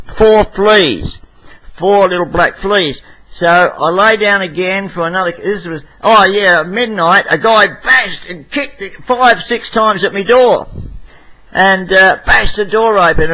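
A man's voice: high-pitched, bright, forceful tone, rough recording. An Australian man telling a rambling vlog story, blunt and profane, with stammered restarts. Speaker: vlogger.

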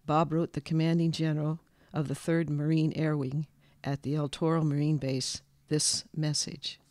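A man reading a local history story aloud in a calm, measured scripted narration. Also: fairly high pitch, no echo.

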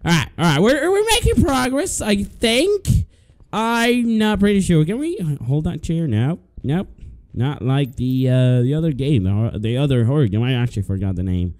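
Jumpy high-voiced man yelping through a game. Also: sing-song, normal speed. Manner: jumpy, nervous chatter with sudden yelps and shouts; talks to the game's monster, swears and mutters to himself. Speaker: let's play gamer. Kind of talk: horror game commentary.

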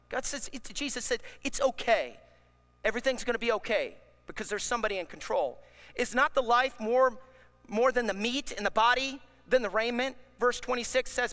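A man preaching a sermon as pastor, animated and acting out worried voices for the congregation. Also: very high voice. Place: church sanctuary. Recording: long hall reverb.

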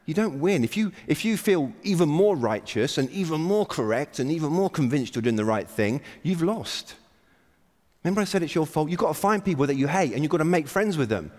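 A man's voice: on the high side, lively intonation, fairly quick, darkish tone. Guy giving a keynote, wry and pushy, big echoey hall. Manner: wry, self-deprecating, exhorting the audience. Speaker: keynote speaker. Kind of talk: conference opening address. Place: large conference hall stage. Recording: long reverb of a big hall.

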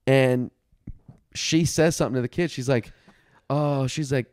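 A man in casual podcast chat, swearing freely and acting out every quote as he tells a family story. His voice is middle-pitched and recorded dry and close. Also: moderate pace, pauses often, dry recording. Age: young adult or 30s, a father. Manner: profane, animated storyteller who acts out quotes. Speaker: podcast co-host.

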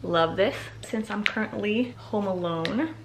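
A woman vlogger chatting casually and excitedly to her viewers. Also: mid-range voice, measured pace, noisy background. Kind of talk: casual vlog chat to camera.

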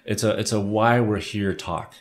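A man in his thirties, a missionary guest in an interview, telling animated stories with many restarts. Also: fairly low pitch, moderate pace. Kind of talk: conversational interview.

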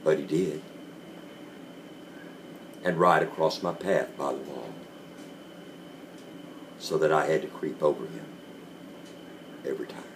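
A man reads a classic tale aloud in a very low, deep voice. He takes his time, drawing each phrase out slowly with dramatic pauses. Faint background noise sits under the reading. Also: steady tone, vocal fry. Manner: slow, deliberate storytelling with dramatic pauses. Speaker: reader.

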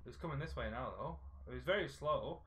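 A man's voice: medium pitch, a little fast, a bit bright. A young man commentating a horror game as he plays, panicking, laughing and joking with a friend. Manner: shrieking, laughing, jokey. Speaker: gaming YouTuber.

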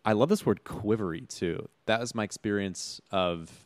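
Male interviewer, low-pitched, reflective, restarts his sentences while he searches for words. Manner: warm-hearted, halting, searching for words. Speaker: interviewer host.

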